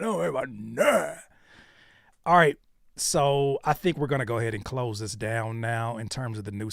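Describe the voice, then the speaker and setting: A man's voice: lowish voice, creaky, no room sound, studio quality. A man hosting a music-reaction livestream, joking and repeating lines for effect in casual, profane chat. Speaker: livestream host reviewing music submissions.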